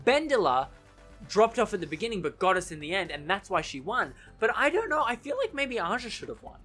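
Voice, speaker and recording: A man casually giving his opinions in a TV recap vlog, chatty and animated, often correcting himself mid-sentence and laughing easily. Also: sits high, fairly quick, soft background music. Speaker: TV recap vlogger.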